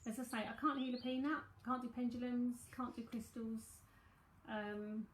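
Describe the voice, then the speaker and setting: A woman's voice: a little high, fairly even intonation, moderate pace, a little hiss or hum. A woman in her forties with a South London accent, giving a live psychic reading and chatting breezily with viewers, full of asides and fillers. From South London, England. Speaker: psychic medium and tarot reader. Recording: echoey room.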